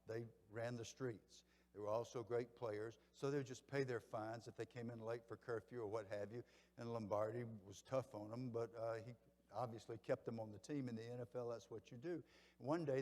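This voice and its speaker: An older man giving a motivational banquet speech, telling folksy stories and swinging between loud and hushed delivery. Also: fairly low pitch, long reverb tail. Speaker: keynote speaker.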